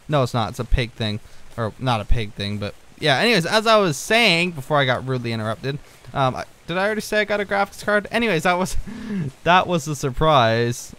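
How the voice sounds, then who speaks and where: A man's voice: on the high side, very animated, fairly quick, bright, forceful tone, soft background music. Rambling, easily distracted young man gaming. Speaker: gaming video creator. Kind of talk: casual let's-play commentary.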